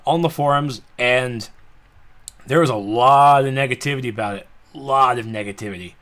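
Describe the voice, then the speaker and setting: A man's voice: mid-range voice, a bit bright. A man with a Southern accent hosting a casual live-streamed podcast, rambling with laughing, apologetic asides and a slightly dry throat. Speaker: podcast host.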